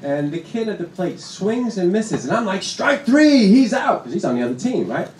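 A young man doing a stand-up set on a comedy club stage, punchy and deadpan, with laughter behind him. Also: sits high, a little fast. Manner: punchy deadpan delivery with acted-out quotes. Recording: roomy club sound with noise. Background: audience laughter.

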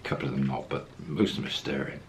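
Very deep-voiced man telling a story. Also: racing, a little hiss or hum. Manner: anecdotal, acts out quoted lines, chuckles. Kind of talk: casual storytelling.

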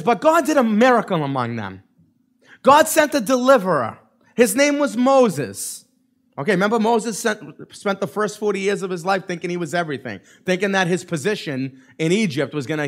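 A man with a notably high voice, preaching to his congregation with lively energy. He slips into the voices of the people in his story and keeps asking okay and right. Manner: animated, acts out quoted voices of the crowd. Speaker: pastor. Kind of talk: sermon.

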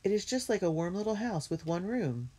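A woman reading a storybook aloud and voicing a gentle, thoughtful young girl. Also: mid-range voice, sing-song, fairly quick, slightly rough, voice pushed up. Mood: admiring.

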